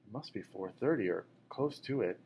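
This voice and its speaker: A man's voice: fairly low pitch, expressive, moderate pace, mellow, slight background noise. A man reading as a worried young girl. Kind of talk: audiobook reading.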